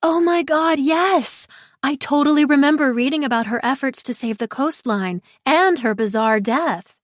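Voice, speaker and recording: An eager, blunt young woman friend who pushes for gossip, voiced higher and louder than the narration by a woman reading an audiobook. Her lines come out quick and excitable, recorded dry and close. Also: no echo. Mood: excited.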